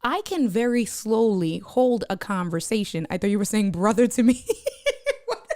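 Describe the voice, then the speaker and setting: Animated New woman telling a story. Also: medium pitch, moderate pace, no echo, studio quality. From United States. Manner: animated storytelling, laughs often, reads chat comments aloud. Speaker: live streamer. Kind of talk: casual live-stream chat.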